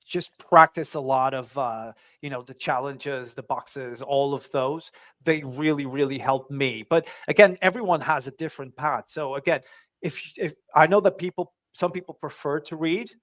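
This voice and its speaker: A man's voice: mid-range voice, moderate pace, a bit bright, no room sound. A man speaking as a guest in a casual interview over a video call. He talks with many fillers and restarts. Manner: hesitant, full of fillers and restarts.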